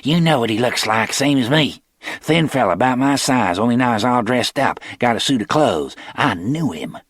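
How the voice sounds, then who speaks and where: A man's voice: medium pitch, animated, moderate pace, a bit bright, husky, no room sound, clean studio sound, pitched above the performer's own voice. A man voicing a surly, mean-tempered male thug who grumbles bluntly, in an audiobook. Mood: sullen.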